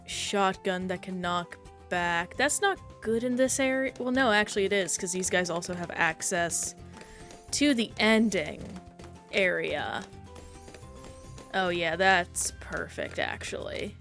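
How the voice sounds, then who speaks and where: A woman's voice: lowish voice, lively intonation, slow pace, a bit bright, soft background music. A woman streamer chatting casually while playing a game and answering chat, talking in a self-reflective, rambling way.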